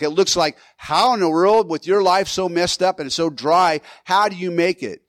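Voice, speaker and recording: A man preaching a sermon in a church, his voice sitting a bit high for a man. He talks loosely and conversationally, restarting phrases and chuckling now and then. The sound is dry, with no room echo. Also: normal speed, few pauses. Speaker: pastor.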